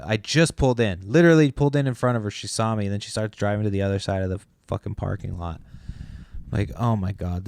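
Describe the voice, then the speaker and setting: A man's voice: fairly low pitch, darkish tone, smooth, no room sound, clean studio sound. A man hosting a podcast, telling a rambling, exasperated story in a casual chat with plenty of swearing. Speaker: podcast host. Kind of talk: casual solo podcast rant.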